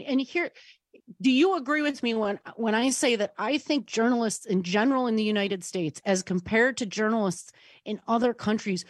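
A woman hosting a call-in radio talk show, pressing her caller with pointed follow-up questions. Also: a little high. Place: radio studio.

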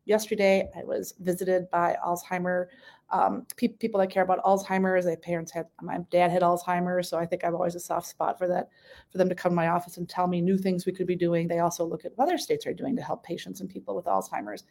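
A woman's voice: on the low side, little pitch movement, fast, gravelly, darkish tone. A middle-aged woman, a state senator, talking in an earnest, plainspoken way as a guest on a radio talk show, with some restarts. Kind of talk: casual radio interview.

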